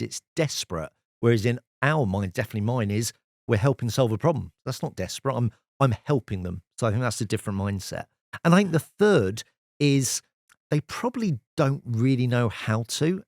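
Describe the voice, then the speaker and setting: A man, a sales expert guest telling lively anecdotes in an interview. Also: mid-range voice, no echo, clean studio sound. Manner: lively storyteller, animated anecdotes. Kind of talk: casual storytelling interview.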